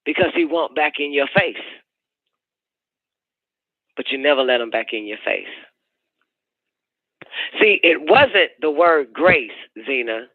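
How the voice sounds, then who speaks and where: A man's voice: on the high side, animated, slow, pauses often, no echo. A man hosting a call-in radio show, delivering a profane, preachy monologue and repeating his points. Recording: dry, narrow phone-like sound.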